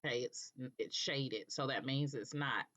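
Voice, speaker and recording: A woman presenting a screen-recorded software tutorial, explaining patiently step by step and checking in with "okay", with an occasional cough. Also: very deep voice, unhurried. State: coughing now and then. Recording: dull lo-fi recording.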